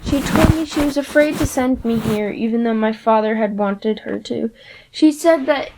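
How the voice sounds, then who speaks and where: A woman reads a novel aloud in the first person, telling the story expressively. Her voice sits somewhat high. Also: moderate pace, heavy background noise. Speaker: narrator.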